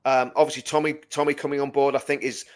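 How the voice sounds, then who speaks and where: A man co-hosting a casual live-stream chat talks quickly at medium pitch with little pitch movement. He speaks emphatically, repeating words as he builds his point.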